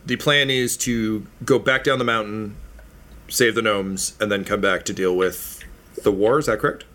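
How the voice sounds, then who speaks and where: A man's voice: on the low side, steady tone, normal speed, bright, forceful tone. A man running a tabletop game as game master, casual and self-mocking.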